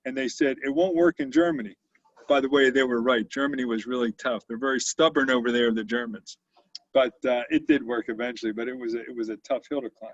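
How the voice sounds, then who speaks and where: An older man who founded a company tells stories as an interview guest, bringing the quotes to life with animation. His mid-range voice stays steady at a quick pace, recorded dry with the highs cut off.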